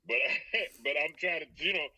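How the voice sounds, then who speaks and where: A man from Texas, a voice actor guest, telling a story in a casual, animated way, with laughter and many restarts. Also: fairly high pitch, normal speed, dry recording, far from the mic, low-quality recording.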